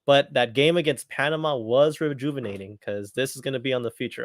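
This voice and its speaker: Guy doing a live soccer watchalong, hypes up and repeats himself a lot, average pitch, dry close sound. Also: fairly quick, dry recording. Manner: excitable, chatty, repeats phrases. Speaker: watchalong host. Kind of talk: live match commentary watchalong.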